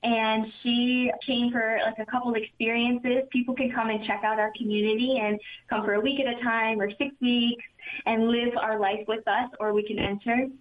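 A woman's voice: fairly high pitch, little pitch movement. Earnest young woman, tinny phone-like sound. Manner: earnest, quick, often says "super" and "like". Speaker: community member giving testimony. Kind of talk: personal faith testimony.

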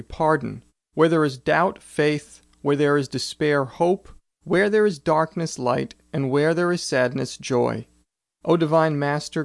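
A man reading a prayer for a short radio spot in a calm, measured way. His voice is gravelly and a bit high. The sound is dry and close, with faint music behind it. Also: dry recording. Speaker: radio segment host.

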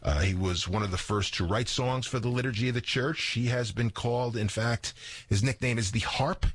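A man on a radio program, telling the story of a saint in a measured, informative way. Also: mid-range voice, breathy edge, no echo.

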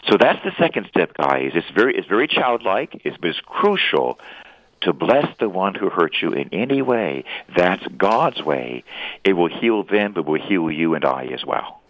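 A lively priest preaching over a tinny, phone-like line, his fairly low voice swooping widely as he teaches. He sounds earnest and animated, slipping into playful asides. The sound is dry and close. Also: normal speed, dry recording. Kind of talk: radio talk, preaching.

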